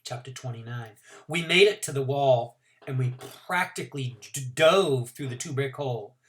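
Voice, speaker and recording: A male teacher reading a novel aloud to his class in an expressive first-person narration with varied pacing. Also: mid-range voice, normal speed.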